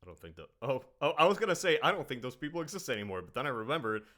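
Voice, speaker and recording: A man's voice: medium pitch, sing-song, racing, crowd noise. A man from the American Midwest hosting a casual podcast chat, joking, laughing often and acting out his own reactions. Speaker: podcast host.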